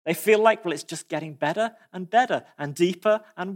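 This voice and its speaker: A man preaching a sermon, expressive, with dramatic pauses and animated asides. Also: high voice.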